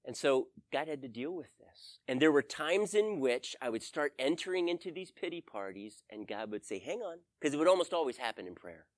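A man delivers a sermon with a lively, swooping pitch. He tells a personal story and acts out his own pleading prayers in a raised voice. The sound is dry and close. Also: brisk, hardly any pauses, no room sound. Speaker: pastor.

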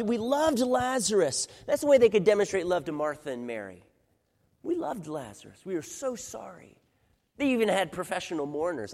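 Male pastor, high lively voice, unhurried dramatic sermon delivery, long hall reverb. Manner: dramatic, swings from hushed to loud, acts out quoted voices.

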